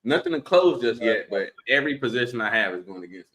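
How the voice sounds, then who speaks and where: A man's voice: mid-range voice, very animated, fast talker, a bit bright. A man, a trading coach, chatting casually on a live stream, jokey and self-deprecating.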